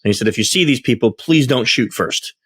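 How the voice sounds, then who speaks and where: A man's voice: medium pitch, fairly quick, slightly rough, no room sound, clean studio sound. A man on a podcast telling a work story in casual chat, acting out the voices of people he quotes. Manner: animated, acts out quoted dialogue. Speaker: podcast host and security tester.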